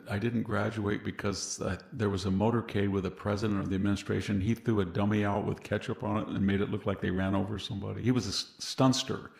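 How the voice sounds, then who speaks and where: A man's voice: fairly low pitch, vocal fry. A man from California, a guest historian in a casual interview, who tells long anecdotal stories and laughs at his own jokes. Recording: roomy echoey sound.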